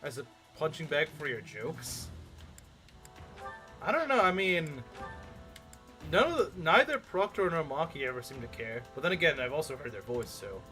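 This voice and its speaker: A man's voice: a little high, sing-song, moderate pace, long pauses, bright, forceful tone, soft background music. A man streaming a game, chatting casually and arguing as he answers chat comments.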